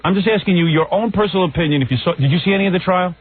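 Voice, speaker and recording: A man's voice: high voice, rapid-fire, husky. A man hosting a morning radio talk show, brash and mocking, hurling insults at a caller. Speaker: radio host. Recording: phone-like radio broadcast audio.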